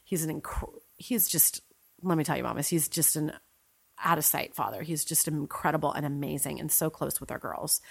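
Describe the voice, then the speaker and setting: A woman in her forties, a life coach talking to listening mothers in an earnest, emphatic way, slowing down on key points. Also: deep voice, gravelly, slightly rough. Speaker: life coach and podcast host. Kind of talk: motivational solo talk to listeners.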